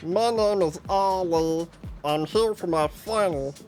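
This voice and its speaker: A man's voice: high voice, slow, a little mellow, soft background music, voice pushed up. A man voicing a nervous student before a timed final, speaking politely and hesitantly while rambling.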